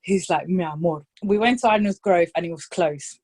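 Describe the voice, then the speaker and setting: Animated woman telling a story, phrases. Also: lowish voice, normal speed. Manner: animated storytelling, acts out voices, code-switches to Spanish. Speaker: podcast guest. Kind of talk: casual storytelling chat.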